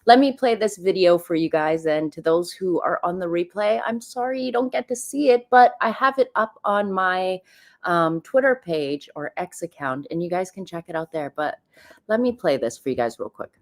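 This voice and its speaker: A woman's voice: lowish voice, lively intonation, moderate pace. Woman, thirties, livestream host, chatty, rambling, casual commentary. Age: 30s. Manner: chatty, rambling, greets chat viewers. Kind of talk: casual live-stream commentary.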